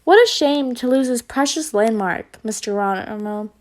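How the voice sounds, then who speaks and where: Grave male mouse doorman, as a woman puts him on, earnest, high pitch. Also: animated, normal speed, close to an everyday voice.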